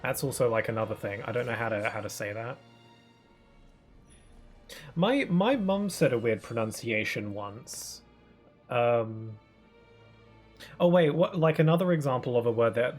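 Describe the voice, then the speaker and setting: A British man chatting casually while he streams a game, his voice sitting at an ordinary middle pitch. He rambles and muses aloud, filling gaps with "um"s and soft chuckles. Faint music runs behind him. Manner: rambling, musing, with frequent fillers and chuckles. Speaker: gaming streamer.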